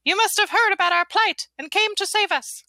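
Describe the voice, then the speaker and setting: A woman voicing a pompous little gingerbread man general who speaks with stiff military formality in a high, squeaky voice. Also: fairly quick, sharp tone, dry recording, exaggerated voice. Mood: earnest.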